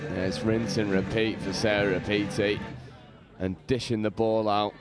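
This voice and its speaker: A man giving lively play-by-play commentary from a balcony at an outdoor sports ground, with casual slang. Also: fairly low pitch, a little slow, loud music behind the voice. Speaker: match commentator.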